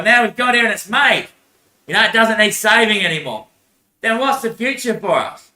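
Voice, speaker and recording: A man's voice: sits high, expressive, fairly quick, bright, forceful tone, reverberant. A man in a rambling monologue, repeating himself, swearing and laughing often.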